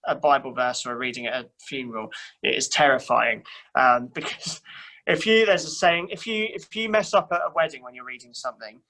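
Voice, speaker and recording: A man's voice: mid-range voice, fairly quick, gravelly, bright, forceful tone, rough recording. A young man, a church youth worker, chatting casually and self-deprecatingly, with many fillers and restarts. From England. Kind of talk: casual chat.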